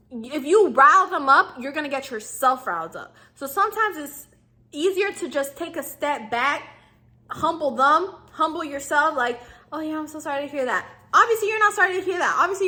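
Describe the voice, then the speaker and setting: A woman's voice: high voice, sharp tone. A young woman in her twenties giving casual, slangy customer service tips to her viewers and acting out lines for clerks and customers. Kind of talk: casual advice vlog.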